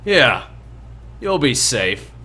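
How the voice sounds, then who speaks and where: A man's voice: medium pitch, sing-song, very slow, bright, forceful tone, husky, exaggerated voice. A man voicing a swaggering male bandit leader who demands a toll, menacing and mocking, calling people mate. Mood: smug.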